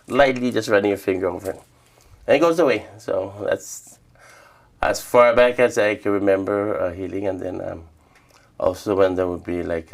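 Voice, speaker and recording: An older man from Guam, telling stories of his past in a relaxed, reflective interview. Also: sits low, vocal fry. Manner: relaxed, reflective storytelling with quoted dialogue. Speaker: interviewee, traditional healer. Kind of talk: casual storytelling interview.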